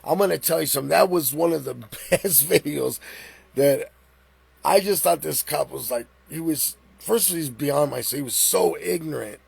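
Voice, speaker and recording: A middle-aged man hosts a live stream and retells a story in loose, animated chat. His voice is raspy and husky, with a heavy gravel, and sits a little high for a man. He trips and restarts as he goes. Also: normal speed, no echo. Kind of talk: casual storytelling.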